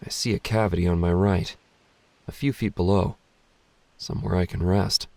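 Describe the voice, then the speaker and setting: A man's voice: low voice, steady tone, normal speed, creaky, a little mellow, no room sound. A man reading a first-person short story aloud, with a dry, wry, self-mocking tone. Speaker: narrator.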